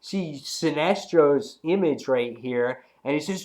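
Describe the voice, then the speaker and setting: A young man with a cold, reviewing a comic book in a rambling, slangy, excitable way. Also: a little high, takes it slowly. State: has a cold. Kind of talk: casual video review.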